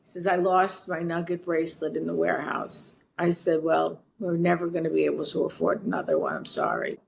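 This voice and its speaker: A woman's voice: low-pitched, expressive, fairly quick, gravelly, slight background noise. An older woman, a podcast guest telling a long story bluntly and with salty swearing. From Brooklyn, New York. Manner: brash, blunt, swears freely.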